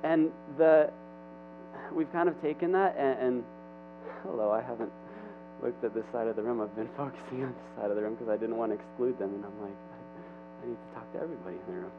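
Young male youth speaker, informal sermon, rambling restarts; thin phone-like sound. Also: mid-range voice. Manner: chatty, halting, with many restarts and asides. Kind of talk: casual sermon. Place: church hall with an audience. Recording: tinny phone-like recording with hum.

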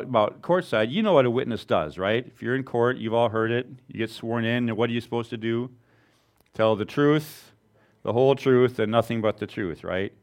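A man preaching a sermon to his congregation in a relaxed, conversational way, with informal asides and self-deprecating humor. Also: mid-range voice. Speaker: pastor.

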